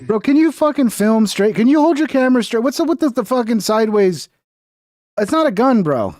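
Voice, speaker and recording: A man's voice: very high-pitched, big pitch swings, brisk, darkish tone, no room sound, clean studio sound. A man streaming reaction commentary on video clips, blunt and profane, lecturing with a laugh.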